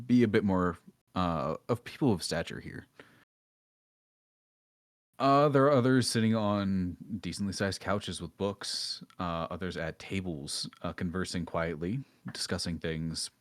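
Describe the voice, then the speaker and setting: Deep-voiced man narrating a tabletop game. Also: dry recording, clean studio sound. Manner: relaxed, filler-heavy descriptions. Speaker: dungeon master.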